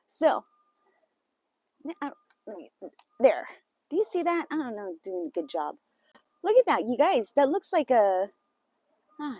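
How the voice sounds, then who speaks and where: A woman with a slightly high voice chats to her viewers in a casual live garden vlog. She talks straight to them as she walks outdoors through her farm garden, often breaking into startled exclamations and nervous laughs. The sound is close and dry, with little room echo. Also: warm tone, husky.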